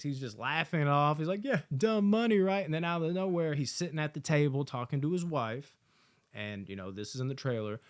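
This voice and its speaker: Excited swearing man reviewing a movie. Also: fairly high pitch. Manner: excited, profane, acts out quotes. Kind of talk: casual film review.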